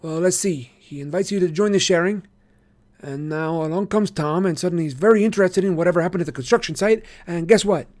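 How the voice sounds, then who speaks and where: A sarcastic, wary teenage boy, voiced by a man reading a novel aloud. He sounds well above the reader's own voice, with a sharp, needling and often bitter edge. He pushes his points hard. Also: high voice, fast talker, voice pushed up, natural voice.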